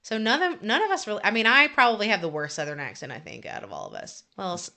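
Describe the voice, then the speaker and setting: A woman co-hosting a podcast, asking questions in a casual chat with an animated, teasing manner. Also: mid-range voice, fast, vocal fry. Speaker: podcast co-host.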